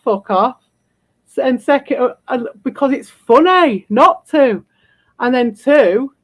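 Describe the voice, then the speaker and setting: A woman's voice: fairly high pitch, low-quality recording. A woman streaming live, ranting bluntly and combatively and swearing freely. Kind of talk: livestream rant.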